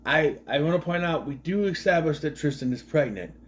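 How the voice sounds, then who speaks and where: Brief: man, casual movie recap host, rambling and sardonic, slightly high pitch. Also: animated, a little fast, slight background noise. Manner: rambling, with frequent fillers and restarts; sardonic, questioning asides.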